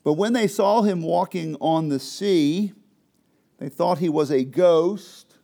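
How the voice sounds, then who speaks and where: A man's voice: a little high, takes it slowly, gravelly. Man teaching a Bible class. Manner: animated, explains with questions to the group. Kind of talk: Bible study lecture.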